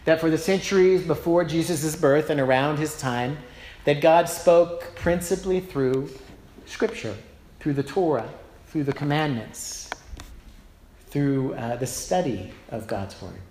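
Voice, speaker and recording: Male pastor, conversational sermon, slightly high voice, echoey church room with faint hiss. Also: unhurried, darkish tone. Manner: conversational storytelling, personal and self-deprecating. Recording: roomy echo, faint background noise.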